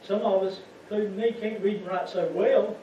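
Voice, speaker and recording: A man's voice: high voice, fairly even intonation, normal speed, mellow, a little hiss or hum. A man gives a folksy sermon as a lay preacher, often putting questions to the congregation. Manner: folksy, keeps asking the congregation rhetorical questions. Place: church sanctuary. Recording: echoey, muffled church sound from far off.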